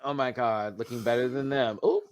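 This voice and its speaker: A man hosting a live show review, talking in a sassy, animated way with loud exclamations. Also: mid-range voice, fairly quick, a crowd in the background. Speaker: podcast host reviewing a TV show. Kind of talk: live casual review chat.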